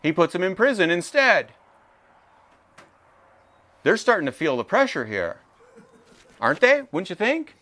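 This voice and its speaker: A man's voice: high-pitched, a little slow, long pauses. A man preaching a sermon, reading scripture and acting out the voices of its people with feeling. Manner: expressive, acts out voices of the brothers. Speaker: pastor.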